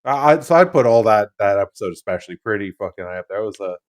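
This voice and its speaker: A man's voice: lowish voice, lively intonation, fast talker. A young man co-hosting a podcast in casual chat, laid-back, laughing often and swearing freely. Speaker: podcast co-host.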